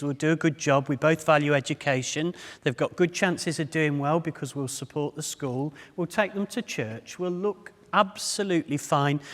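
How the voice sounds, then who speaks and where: Man telling humorous stories in a hall. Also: fairly high pitch. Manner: humorous storytelling, addresses the audience directly. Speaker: speaker. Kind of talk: public talk. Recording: long reverb of a hall.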